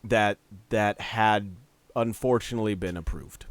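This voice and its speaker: A man's voice: on the low side, fairly even intonation, a little slow, dry recording. A man streaming a game who chats casually and argues his opinions with animation, laughing easily on a headset mic. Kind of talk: casual gaming chat.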